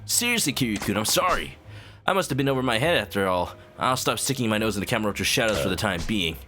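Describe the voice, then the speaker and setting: A man doing an excitable young reporter. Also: on the low side, fast, soft background music. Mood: eager. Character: eager young male journalist, excitable and talkative.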